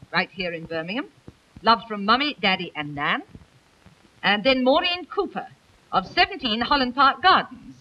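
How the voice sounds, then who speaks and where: Bright-voiced woman, lo-fi 1950s TV presenter. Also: a little high. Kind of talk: light entertainment presenting, reading birthday greetings. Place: television studio. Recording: dull lo-fi 1950s TV recording.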